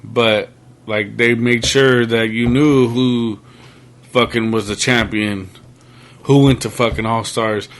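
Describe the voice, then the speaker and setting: A man's voice: mid-range voice, fairly even intonation, slow pace. Young guy on a podcast, super slangy, bro this dog that, normal mid voice. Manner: slangy, filler-heavy, peppered with "bro" and "dog". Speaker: podcast guest. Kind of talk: casual chat.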